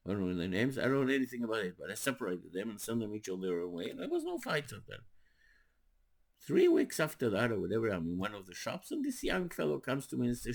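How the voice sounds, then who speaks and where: An older man, a rabbi, telling stories in a sermon with animated, rising emphasis. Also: mid-range voice, quick pace, creaky. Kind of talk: storytelling sermon.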